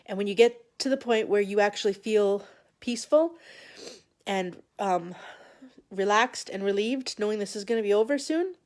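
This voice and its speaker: A woman vlogger sharing a personal story straight to camera. She talks in a halting way, with frequent restarts and long pauses, and sounds emotional and close to tears. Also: mid-range voice, darkish tone. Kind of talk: personal confessional talk to camera.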